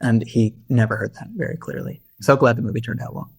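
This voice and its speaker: A man's voice: medium pitch, quick pace, a little mellow, slightly rough. A man co-hosting a podcast, with a wry, theatrical manner and sarcastic rants. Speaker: podcast co-host. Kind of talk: casual chat.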